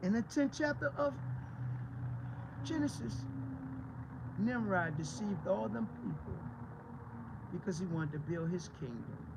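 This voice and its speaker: A man's voice: sits high, very animated, a little slow, creaky, pauses often, noisy background. A male pastor preaching a fiery, combative sermon, swearing freely and firing off rhetorical questions again and again.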